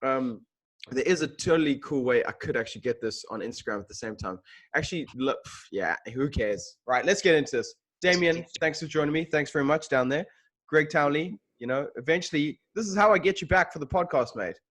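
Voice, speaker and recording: A man's voice: on the high side, lively intonation, brisk, fairly bright tone. A man hosting a casual video-call interview, chatty and full of jokes. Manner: joking, chatty banter. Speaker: interview host.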